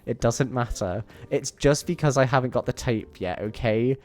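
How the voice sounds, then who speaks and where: A young man streams a game from his bedroom, rambling and joking with viewers as he plays. His mid-range voice is a touch mellow and moves at a moderate pace over soft background music.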